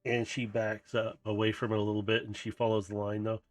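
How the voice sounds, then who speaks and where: A man's voice: on the low side, level tone, fairly quick. A man narrating as game master in a tabletop game, in a casual, rambling way.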